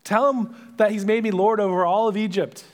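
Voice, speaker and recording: A male pastor preaching a sermon, retelling a story dramatically and dropping to hushed whispers at its emotional moments. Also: sits high, steady tone, normal speed.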